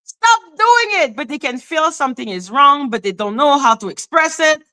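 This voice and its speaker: A woman hosting a casual live stream, bluntly scolding her chat with profanity and sudden swings between high exclaims and low asides. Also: lively intonation, brisk, pushed and bright. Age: adult, former high school teacher.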